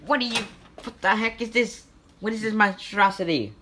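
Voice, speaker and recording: A woman's voice: medium pitch, noisy background, close to an everyday voice. A woman voicing a bossy, hot-tempered customer who hires a chef, in a put-on Italian accent, for a homemade comedy skit. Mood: indignant. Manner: blustering, quick to rant and threaten.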